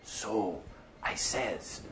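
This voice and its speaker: An actor playing an older farmer off the drink who tells profane, folksy stories. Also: male voice, drawn-out words, fairly bright tone. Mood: rambling. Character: older male prairie farmer off the drink, gruff storyteller. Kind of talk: monologue.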